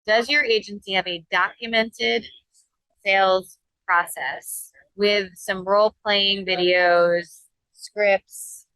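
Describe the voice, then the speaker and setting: A woman's voice: fairly low pitch, sharp tone, dry recording, rough recording. A woman co-hosting a podcast in casual, playful banter, recorded between sessions at a conference. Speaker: podcast co-host.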